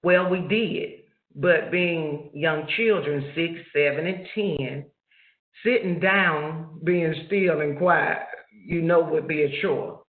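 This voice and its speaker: A man slowly and reflectively telling a personal childhood story during a webinar, heard over a video call. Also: fairly high pitch. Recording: echoey, phone-like call audio.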